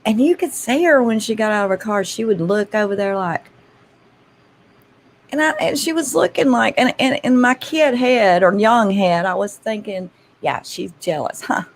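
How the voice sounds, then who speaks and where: A woman's voice: medium pitch, moderate pace, slight background noise, low-quality recording. Chatty woman telling stories. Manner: chatty, laughs often, addresses listeners as y'all. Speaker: channel host. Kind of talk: casual storytelling to viewers.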